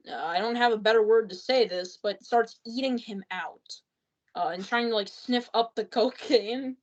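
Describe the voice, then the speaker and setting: A woman's voice: on the high side, muffled recording. A woman giving a rambling, exasperated spoken movie review, full of fillers and restarts.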